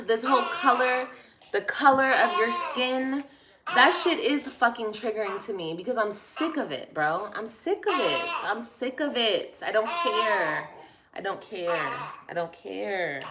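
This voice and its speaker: A woman's voice: a little high, animated, measured pace, very noisy. A woman vlogger ranting on a livestream, blunt, profane and passionate, reading and answering viewer comments. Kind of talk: livestream rant.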